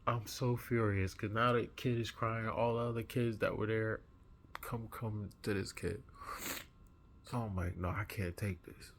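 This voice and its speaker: A man who has just woken up, earnestly retelling a dream in a vlog with an animated manner. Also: lowish voice, unhurried, a little hiss or hum. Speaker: vlogger. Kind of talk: recounting a dream.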